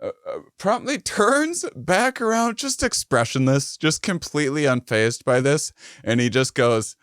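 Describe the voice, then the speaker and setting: A man in his thirties tells a rambling comic anecdote on a podcast, taking his time and circling back over his words. His voice is smooth and clear, and the sound is dry and close, with no room echo. He laughs his way into the punchlines. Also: a little high, animated, unhurried, a bit bright. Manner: rambling storyteller with many restarts, laughs into punchlines. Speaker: podcast co-host. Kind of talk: comedic storytelling.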